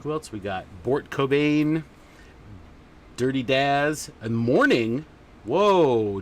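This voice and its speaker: A man's voice: mid-range voice, lively intonation, takes it slowly. A man hosting a casual livestream chat, rambling along with lots of fillers. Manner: rambling and chatty, many fillers. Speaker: podcast host.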